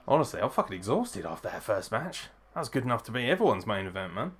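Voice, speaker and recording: A man's voice: lowish voice, very animated, a little fast, slightly rough. A man hosting a live wrestling watchalong, tipsy, chatty and profane as he reacts and greets viewers. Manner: profane, chatty, frequent swearing. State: tipsy from drinking. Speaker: wrestling podcast host.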